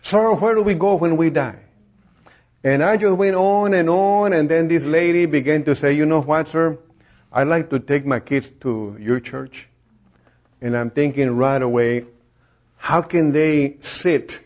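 A man with a high voice preaches from the pulpit, telling his story in a lively way and playing out the voices of the people in it. The recording is dull and lo-fi. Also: measured pace. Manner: storytelling, acts out quoted voices, laughs often. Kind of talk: sermon testimony.

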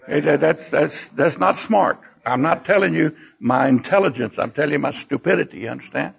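An older preacher tells stories from the pulpit in a high, heavily gravelly voice. His tone is husky, and he breaks into lively exclamations. The recording sounds dull and lo-fi. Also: fairly quick. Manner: storytelling, animated exclamations. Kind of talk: sermon.

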